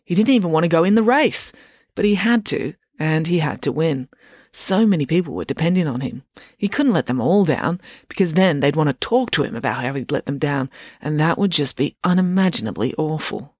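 A woman, a children's author, reading her own book aloud as a gentle bedtime story, with expressive character voices. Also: sits low, brisk, no room sound, clean studio sound.

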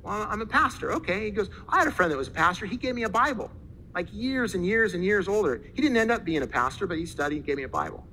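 A man preaching a sermon in a high, bright voice, animated as he acts out the voices of the people in his story. Faint noise sits under the recording. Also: quick pace, few pauses, low-quality recording. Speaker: pastor.

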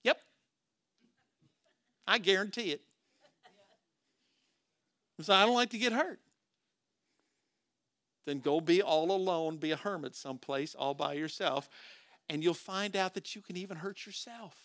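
A male pastor delivers a sermon in a high, bright voice. He speaks conversationally, firing rhetorical questions at the congregation and often restarting his phrases. The sound is dry and close. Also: measured pace, long pauses, no room sound.

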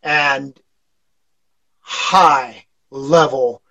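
A man's voice: medium pitch, fairly even intonation, drawn-out words, sharp tone, poor audio. A man being interviewed on a casual podcast, telling stories in a rambling way with lots of fillers and chuckles. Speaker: podcast guest, fire instructor.

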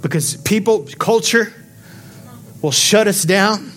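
A male pastor preaching a sermon to his congregation, passionate and full of questions, dropping quiet and then building up to shouts. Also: high-pitched, takes it slowly, faint music behind. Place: church sanctuary.

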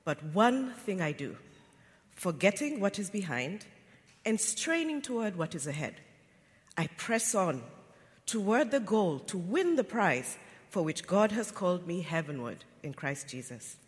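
A man with an English accent reading scripture aloud in a measured, formal way. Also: high voice, big pitch swings. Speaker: scripture reader. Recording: distant, reverberant church hall.

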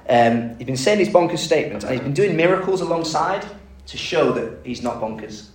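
A man preaching a conversational sermon, telling the story with lively asides and rhetorical questions. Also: fairly high pitch, fairly quick, hardly any pauses, a little hiss or hum. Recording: echoey room, mic at a distance.

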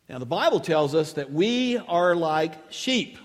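A man's voice: high-pitched, animated, a little slow, few pauses. A man preaching a sermon as pastor, conversational and rising into emphatic lists. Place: church sanctuary. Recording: long reverb of a large hall.

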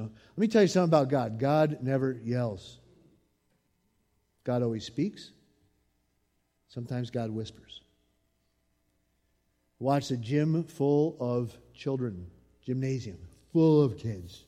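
A man preaching a sermon in an expressive, conversational way. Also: medium pitch, slow, long pauses. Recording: long reverb in a large hall.

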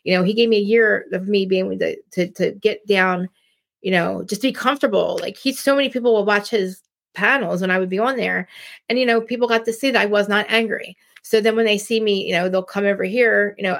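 Jersey-accented woman host, blunt, rambling live chat, mid pitch with vocal fry. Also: fairly quick. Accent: New Jersey. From New Jersey. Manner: rambling, blunt, many restarts. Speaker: live-stream podcast host. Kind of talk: casual live-stream chat.

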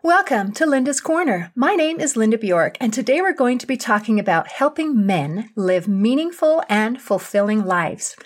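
A woman hosting an interview podcast, welcoming her guest warmly. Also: fairly high pitch, big pitch swings, moderate pace, hardly any pauses, soft background music. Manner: warm, welcoming. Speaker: podcast host.

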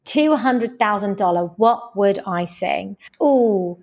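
A woman's voice: mid-range voice, takes it slowly. A woman coaching on dating and relationships, chatting as a podcast guest and acting out the voices in her stories. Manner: animated storyteller who acts out quoted dialogue. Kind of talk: casual podcast interview.

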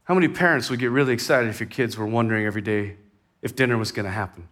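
A man preaching a sermon in a conversational way, rising in intensity and then dropping to a hushed tone. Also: mid-range voice, racing. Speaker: pastor.

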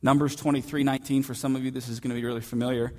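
A man preaching a sermon in a church as the pastor, in a relaxed storytelling manner with frequent fillers. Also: mid-range voice, very fast.

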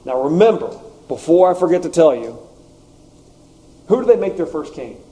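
Male preacher, warm mellow tone, casual and animated. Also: a little high, normal speed. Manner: conversational, animated asides. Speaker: pastor. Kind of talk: sermon.

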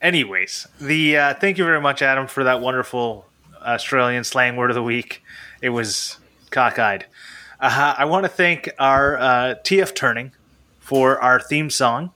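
A man's voice: mid-range voice, a little slow, bright, forceful tone. A man hosting a casual podcast, rambling with frequent laughs. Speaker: podcast host.

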